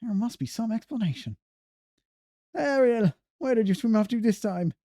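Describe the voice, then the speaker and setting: A man's voice: animated, normal speed, mellow, no room sound, clean studio sound. A man voicing a panicky male crab servant, reading game cutscene lines aloud in character. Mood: fretful. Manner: high, fretting, worried delivery.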